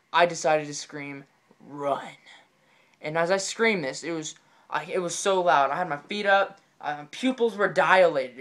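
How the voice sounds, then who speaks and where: A man telling a comedic story in an excitable, rambling way, often repeating his phrases. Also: high-pitched.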